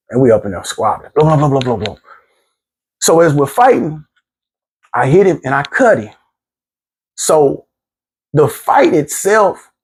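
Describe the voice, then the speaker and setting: A man's voice: mid-range voice, breathy edge. A middle-aged man candidly recounting his own past in a plainspoken, street-casual way, often repeating himself. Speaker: former prisoner telling his story. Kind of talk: candid storytelling monologue.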